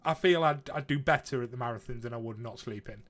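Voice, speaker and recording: A man's voice: medium pitch, fast talker, fairly bright tone. Chatty man, casual podcast host. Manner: chatty, swears freely, laughs at own stories. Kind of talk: casual chat.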